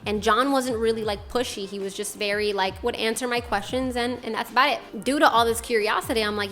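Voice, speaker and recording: A woman's voice: on the high side, brisk, a bit bright, soft background music. A young woman from Boston telling her personal story to her channel in a casual, rambling way, full of "like" and other fillers. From Boston, USA. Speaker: channel host. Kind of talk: personal testimony vlog.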